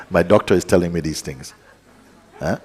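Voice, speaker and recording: A man with a very low voice speaks slowly and calmly, guiding listeners into quiet contemplation and now and then slipping in a playful aside. His voice rings out in a large hall with a long reverb. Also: slightly rough. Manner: slow, calm guidance with playful asides. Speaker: spiritual teacher. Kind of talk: guided meditation talk.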